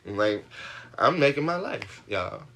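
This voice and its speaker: A man's voice: lowish voice, sing-song, measured pace, creaky, pushed and bright, slight background noise. A man venting to his livestream audience, rambling, laughing often and swearing, his voice jumping up when he gets worked up. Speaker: livestream host. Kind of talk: venting monologue to a live audience.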